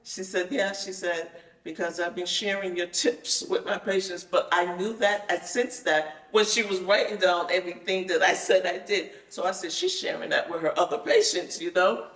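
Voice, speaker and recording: A woman telling her own story in a casual chat, animated and acting out the conversations she retells. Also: on the low side, moderate pace. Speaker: guest telling her experience. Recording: roomy sound, mic at a distance.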